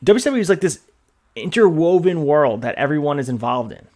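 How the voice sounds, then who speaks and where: A man's voice: fairly high pitch, fairly quick. Upbeat man hosting a wrestling podcast. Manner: energetic, hypes and plugs upcoming shows. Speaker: podcast host. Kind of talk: casual wrestling podcast chat.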